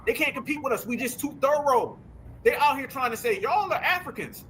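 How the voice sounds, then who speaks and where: A man hosting a political commentary show, talking in an animated, sarcastic, slangy way. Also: extremely high pitch, fairly quick, a little hiss or hum. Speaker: host.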